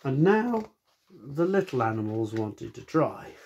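Gravelly, unhurried man reading to kids. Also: mid-range voice, big pitch swings, a little mellow. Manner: friendly, chatty asides to young listeners. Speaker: teacher reading a story aloud. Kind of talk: children's story reading.

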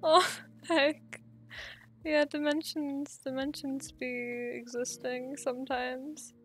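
A woman's voice: sits high, flat delivery, takes it slowly, fairly bright tone, faint music behind. A woman streaming a game, chatting casually, bubbly and affectionate, swearing freely. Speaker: gaming streamer. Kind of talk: casual chat while playing.

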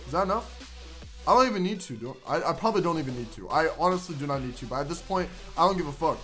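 A young man playing a mobile game, cursing and shouting at the characters, swinging between low grumbles and loud outbursts. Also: lively intonation, fast, faint music behind. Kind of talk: profane gameplay commentary.

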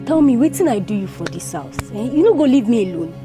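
Protesting Nigerian village girl, high and lively, music under. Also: fast talker. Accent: Nigerian Pidgin. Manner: protesting, pleading. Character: young village daughter, defiant. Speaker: daughter resisting her father.

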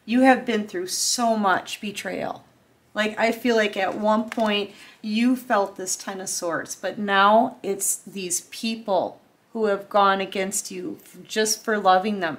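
Woman tarot reader with a middle-pitched voice, heartfelt and chatty, talking straight to viewers. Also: fairly even intonation, slow pace. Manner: loose and chatty with fillers. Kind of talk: casual collective tarot reading.

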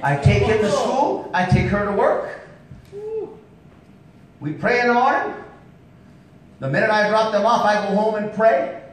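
A man's voice: measured pace, pauses often. A man preaching at a revival, telling stories with emphatic calls of "come on now" to the congregation. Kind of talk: revival sermon storytelling. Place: church sanctuary. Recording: echoey church hall from far off, faint rumble.

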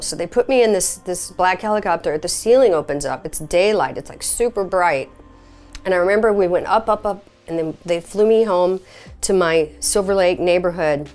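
A woman recounting a personal experience in a conversational, filler-heavy way, her voice leaping up when she relives quoted moments. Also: on the low side. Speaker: experiencer sharing her story. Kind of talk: personal testimony.

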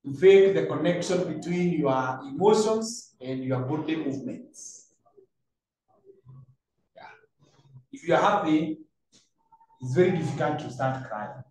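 Slow Kenyan male teacher in echoey classroom. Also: fairly high pitch, a little mellow. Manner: conversational, quizzes students, mixes in Swahili phrases. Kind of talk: classroom revision lesson. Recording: echoey room, far from mic, faint noise.

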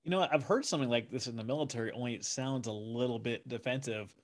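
A man's voice: medium pitch, fast talker. Easygoing male podcast host. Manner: relaxed, chatty, laughs easily. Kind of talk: casual interview talk.

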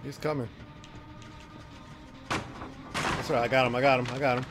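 This horror-game streamer talks unhurriedly in a medium-pitched, level and fairly bright voice, with a little hiss or hum on the audio. Over game music he chats, laughs frequently, trash-talks in fun and tells stories as he plays.

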